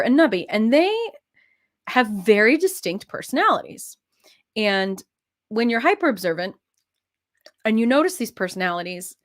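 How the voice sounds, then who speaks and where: A young woman chatting casually and playfully, rambling while she works on a craft. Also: on the high side. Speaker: host.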